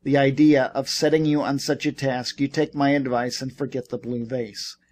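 A man reading as a blunt sea captain who scoffs at wild schemes. The voice sits at an ordinary middle pitch, read from a storybook. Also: flat delivery, moderate pace, a little mellow, natural voice. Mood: scoffing.

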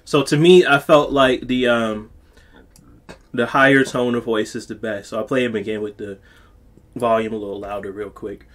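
A man's voice: medium pitch, steady tone, moderate pace. A man, a music producer, giving a casual, rambling studio tutorial as he walks through his own vocal takes. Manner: rambling, chatty explaining.

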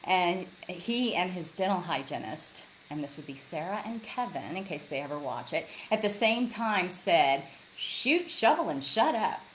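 A woman author chatting as a guest, telling animated stories and acting out what people said, speaking over a video call from a log cabin lodge. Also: lowish voice, moderate pace, hardly any pauses, slight background noise, low-quality recording. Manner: animated storyteller, acts out quotes. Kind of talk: casual interview chat.

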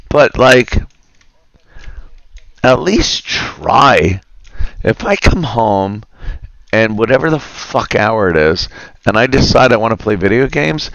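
A man's voice: medium pitch, a bit bright, dry recording. A man streaming a video game, grumbling and cursing in a casual rant with muttered asides. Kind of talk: casual rant while gaming.

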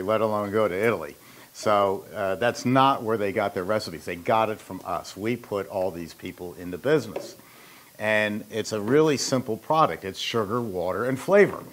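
This man is an ice machine maker who hosts a casual instructional how-to show, wandering through stories about his trade and tossing in jokes. His voice sits on the low side with a fairly bright tone.

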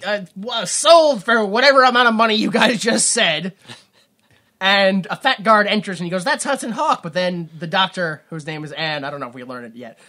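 Bright-voiced man recapping a movie. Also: high voice. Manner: rambling, jokey retelling with put-on quotes. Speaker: podcast co-host recapping a film. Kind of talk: casual comedic chat.

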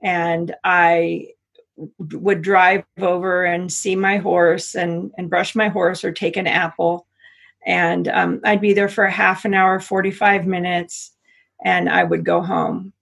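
Interview guest: middle-aged woman, husky and gravelly, halting personal account. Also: lowish voice, a bit bright. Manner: halting, many restarts and repeats. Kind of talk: personal story in conversation.

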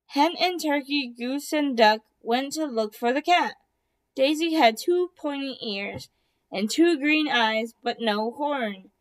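A woman reading a children's picture book aloud in a slow, deliberate way. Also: high-pitched, lively intonation. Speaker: storybook reader. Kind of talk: children's storybook read-aloud.

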